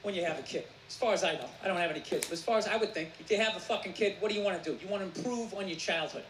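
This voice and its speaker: Brief male stand-up comic, shouty profane rant, live room with audible crowd noise. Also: high voice, very fast. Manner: ranting, profane, bursts into shouting. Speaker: stand-up comedian. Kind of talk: stand-up routine. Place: theater stage. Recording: roomy live venue with audience noise.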